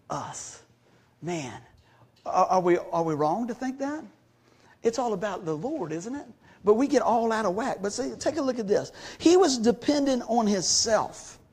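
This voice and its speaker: Husky, folksy pastor preaching. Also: male voice, sits high. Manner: folksy, animated storytelling with acted-out dialogue. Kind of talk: sermon.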